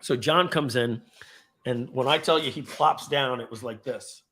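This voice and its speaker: A man, a former car dealership general manager, telling a casual story on a live video, clearing his throat often and drifting into rambling asides. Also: mid-range voice, unhurried, sharp tone, a little hiss or hum.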